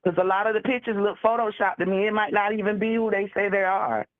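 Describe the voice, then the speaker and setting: A woman's voice: mid-range voice, fairly even intonation, quick pace. A woman calling in to a show, telling gossipy stories in a chatty way. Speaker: caller. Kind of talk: phone call-in chat. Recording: tinny phone line.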